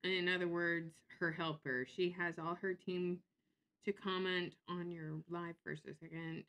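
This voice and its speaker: Chatty sarcastic woman, low bright voice. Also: level tone, a little slow, muffled recording. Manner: chatty and sarcastic, laughs often. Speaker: YouTuber reacting on a livestream. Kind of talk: casual livestream commentary.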